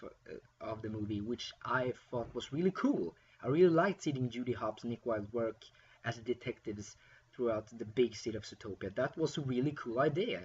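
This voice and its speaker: A man's voice: mid-range voice, highs cut off, slight background noise. A man giving a casual, rambling film review, with frequent fillers and restarts.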